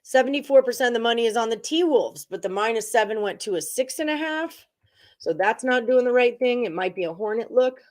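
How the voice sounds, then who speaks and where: A woman's voice: fairly high pitch, expressive, fairly quick. Chatty woman hosting a betting livestream. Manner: chatty, rattles off odds and percentages, talks to the live chat. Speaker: sports betting show host. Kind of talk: casual livestream chat about betting picks.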